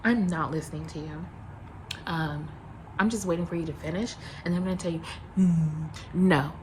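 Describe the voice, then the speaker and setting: A young adult woman, a flight attendant, telling a story in a casual vlog, blunt and animated, acting out both sides. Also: on the low side, fairly quick, background noise.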